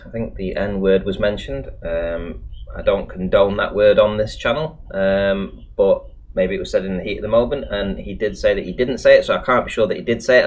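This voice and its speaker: A man hosts a livestream talk show. He talks in apologetic, rambling asides, and his voice sits on the low side. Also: highs cut off. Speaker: host.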